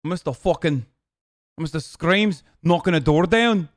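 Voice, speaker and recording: A man's voice: fairly high pitch, normal speed, no echo, clean studio sound, natural voice. A man doing a crude, mocking impression of a brash young male army veteran. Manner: crude, gleeful, mocking, profane.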